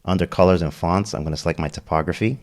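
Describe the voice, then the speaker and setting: Male tutor, extremely deep voice, casual step-by-step software walkthrough. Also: quick pace. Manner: step-by-step, casual, frequent "okay?" check-ins. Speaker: web design tutor. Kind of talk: screen-recorded software tutorial.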